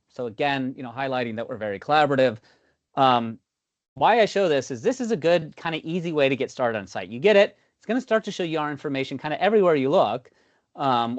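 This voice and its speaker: A man walks through a software demo on a video call, in a loose conversational way with many "you knows" and "ums". The call audio sounds dull and slightly lo-fi. The voice is dry and close, with no room echo. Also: medium pitch, animated, fast. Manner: conversational, frequent fillers like "you know" and "um". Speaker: product demo presenter. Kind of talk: online meeting product demo. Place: online video meeting.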